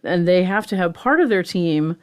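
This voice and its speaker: Professor type, woman in her 60s, lowish voice, animated and talkative, lectures conversationally. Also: smooth. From Pittsburgh, USA. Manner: animated and chatty, explains with rhetorical "right?" and quick laughs. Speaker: linguistics professor, guest.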